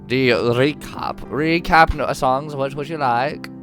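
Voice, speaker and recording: A man's voice: medium pitch, takes it slowly, a bit bright, soft background music. A young man casually hosting a live tabletop game as dungeon master, playful and jokey.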